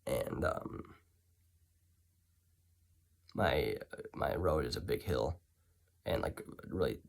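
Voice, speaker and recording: A man's voice: rumbling low, animated, takes it slowly, gravelly. A man telling a story in a casual, rambling way, full of sarcastic asides and self-corrections.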